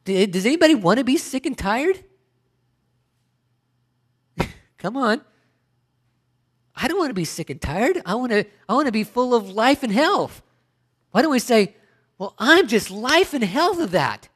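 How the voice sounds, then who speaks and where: A man's voice: very high voice, big pitch swings, normal speed, pauses often. Middle-aged pastor, man, preaching with emphatic rhetorical questions and frequent restarts. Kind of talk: sermon.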